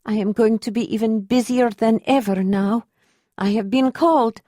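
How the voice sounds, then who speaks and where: A woman's voice: fairly high pitch, steady tone, normal speed, warm tone, no echo, pitched above the performer's own voice, natural voice. Ayla, a woman reading a wounded proud young woman. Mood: hurt, bitter. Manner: pained, bitter, controlled. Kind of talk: audiobook character reading.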